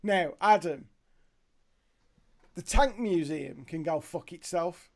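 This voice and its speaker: A man's voice: fairly high pitch, slow pace, vocal fry, darkish tone. A man co-hosting a casual chat, reading out viewer messages with a dry, amused delivery.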